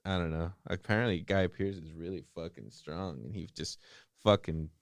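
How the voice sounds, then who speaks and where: Deep-voiced man, loose profane podcast chat. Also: fairly even intonation, normal speed, no room sound, clean studio sound. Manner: loose, profane, laughs often, acts out quotes. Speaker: podcast co-host. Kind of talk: casual chat retelling a film plot.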